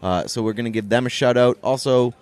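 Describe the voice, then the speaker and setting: A man's voice: medium pitch, a little fast, darkish tone. A man co-hosting a podcast in casual chat, laid-back, with dry jokes. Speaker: podcast co-host.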